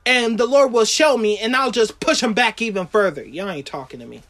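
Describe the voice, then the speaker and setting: A woman preaching a sermon with passion, moving between loud declarations and hushed lows, and reading scripture aloud in old-fashioned wording. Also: animated, fairly quick. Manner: reads scripture aloud in King James wording.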